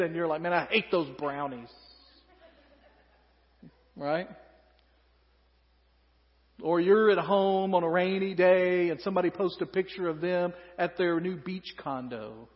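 Southern pastor, high-pitched, chatty sermon delivery, long hall echo, dull lo-fi sound. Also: male voice. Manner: conversational, joking asides.

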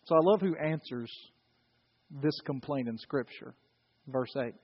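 In a medium-pitched, husky voice, a pastor speaks a little slowly and expressively. His sermon unfolds as conversational storytelling with a wry sense of humor, recorded in a dull, echoing church.

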